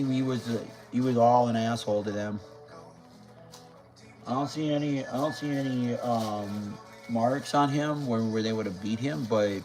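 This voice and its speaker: Over faint background music, a male vlogger chats casually and ramblingly to camera, tripping over words, repeating himself and cursing. His voice is lowish and a little mellow, and the recording quality is poor.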